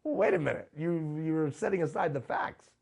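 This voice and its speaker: Man, workshop presenter, live talk, emphatic, rhetorical questions, somewhat high voice. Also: moderate pace, vocal fry, darkish tone. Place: live event room.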